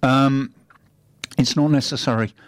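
A middle-aged man on talk radio who argues his point hard and lectures his co-host. His voice sits at an ordinary pitch and sounds close and dry. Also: fairly even intonation, unhurried, clear, resonant tone, dry recording. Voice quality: emphatic, argumentative, lecturing. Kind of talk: opinionated radio chat.

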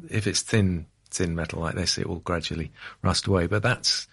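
Hesitant husky man, soft-spoken. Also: low-pitched, fairly even intonation, moderate pace. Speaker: guest artist. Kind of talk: casual chat.

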